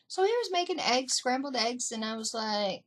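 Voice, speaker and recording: A middle-aged woman recounts family stories in a relaxed vlog. Her voice sits a little high and swings widely in pitch. She slips into the voices of her relatives as she tells it. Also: normal speed. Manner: animated, acts out family members in quotes. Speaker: vlogger. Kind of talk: casual storytelling. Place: indoors.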